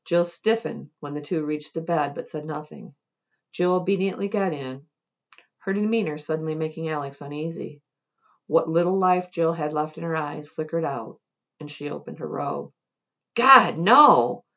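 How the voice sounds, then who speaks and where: A woman reading a passage from a novel aloud in a measured, quiet way. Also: low-pitched, muffled recording. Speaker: reader at a literature event.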